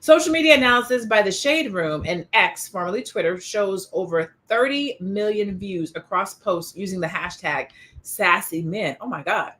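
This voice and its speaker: Bright-voiced woman hosting a chat show. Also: medium pitch, moderate pace. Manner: animated, laughing, opinionated. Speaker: podcast host. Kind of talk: casual discussion show.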